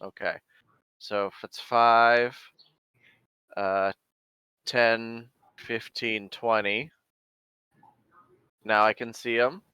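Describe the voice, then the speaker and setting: A man's voice: medium pitch, flat delivery, extremely slow, long pauses, pushed and bright, clear, resonant tone, muffled recording. A man playing a tabletop game, chatting in a playful, bouncy way with silly sound effects. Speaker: player. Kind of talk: casual tabletop game chat.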